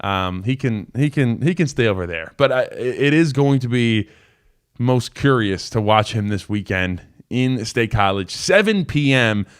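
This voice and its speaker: A man's voice: mid-range voice, animated, unhurried, clear, resonant tone. Man, 20s, former player turned show host; casual, rambling delivery full of fillers. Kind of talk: live call-in sports talk.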